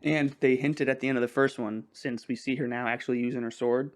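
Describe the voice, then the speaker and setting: A man's voice: mid-range voice, steady tone, a little fast. A young man co-hosting a podcast in casual chat, laid-back and laughing often, acting out little quotes. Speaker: podcast co-host.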